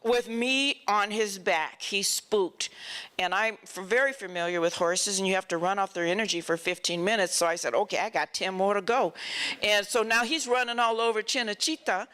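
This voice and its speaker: A woman telling lively stories as the honored guest in an onstage film festival Q&A. She laughs often and acts out other people's lines. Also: medium pitch, moderate pace, clean tone. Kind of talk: onstage interview storytelling. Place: festival stage before an audience.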